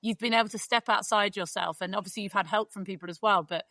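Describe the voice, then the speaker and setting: A woman hosting a podcast, chatting warmly and gushing over her guest. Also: medium pitch, fast talker, no room sound. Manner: effusive, gushing. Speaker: podcast host. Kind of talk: casual chat.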